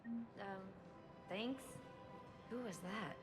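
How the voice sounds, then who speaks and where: A woman's voice: medium pitch, extremely slow, music in the background. An actress playing a hesitant young woman refugee in a video game.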